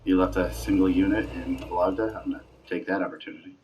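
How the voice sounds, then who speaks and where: A man's voice: low-pitched, steady tone, fast, darkish tone, dull audio, slight background noise. A man chatting over an online board game, teasing and matter-of-fact.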